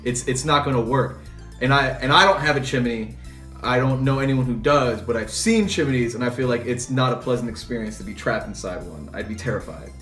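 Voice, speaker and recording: A man in casual chat as co-host, animated, who acts out scenes with put-on voices. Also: medium pitch, brisk, roomy sound, far from the mic, soft background music.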